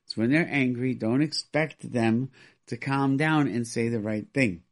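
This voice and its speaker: Male radio advice host. His voice is gravelly and full of fry, and he talks with emphasis. He acts out quoted parents as he explains. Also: medium pitch, a little slow. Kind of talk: call-in radio advice talk.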